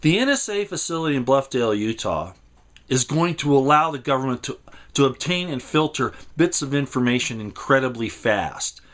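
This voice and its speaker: A man giving an impassioned monologue, emphatic and rambling, repeating words and swinging between raised and lowered delivery. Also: animated, moderate pace, a bit bright. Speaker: commentator.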